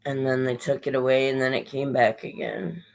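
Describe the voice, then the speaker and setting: A woman's voice: rumbling low, steady tone, normal speed, gravelly, a little mellow, low-quality recording. A woman chatting casually on a livestream, rambling and swearing a little as she greets viewers by name, her voice strained and short of breath.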